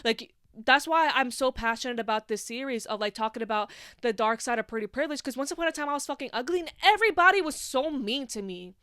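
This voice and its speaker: A woman's voice: sits high, animated, quick pace, a bit bright, clean tone, dry recording, clean studio sound. A young woman hosting a casual solo podcast, talking passionately and profanely, with lots of filler "like" and "you know.". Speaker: podcast host.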